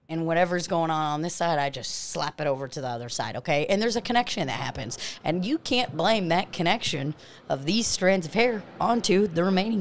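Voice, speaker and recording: A woman's voice: lowish voice, natural voice. A woman playing a crass, blustering balding middle-aged male debt collector who swears and gets defensive in an improvised comedy sketch. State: out of breath. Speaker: podcast co-host.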